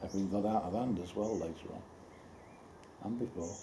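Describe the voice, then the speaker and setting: Rambling man, low voice, noisy outdoor echo. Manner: rambling, halting, with many restarts and sudden outbursts. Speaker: storyteller. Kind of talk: rambling personal monologue. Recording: roomy echo with loud background noise.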